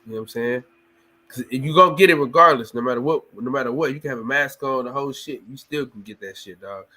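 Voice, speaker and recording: Bright-voiced man in profane boxing chat. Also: mid-range voice, fast. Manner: profane, animated, slangy. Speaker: boxing podcast co-host. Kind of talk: casual chat.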